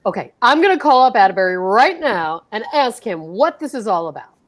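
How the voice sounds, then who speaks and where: A woman's voice: medium pitch, sing-song, fairly quick, close to an everyday voice. A woman playing a placating middle-aged husband in an old-time radio play. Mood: soothing. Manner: coaxing, placating. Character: husband George, soothing middle-aged man. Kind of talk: 1940s radio acting.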